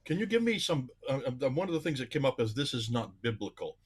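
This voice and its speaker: A man hosting an interview, asking questions with halting restarts. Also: mid-range voice, very animated, slightly rough. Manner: hesitant, stammering questions. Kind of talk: conversational interview.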